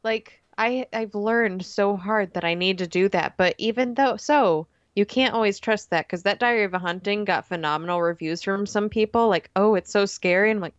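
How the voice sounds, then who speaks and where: A woman's voice: medium pitch, normal speed, hardly any pauses, no echo, lo-fi sound. A woman guest on a casual podcast, laughing often and ranting animatedly.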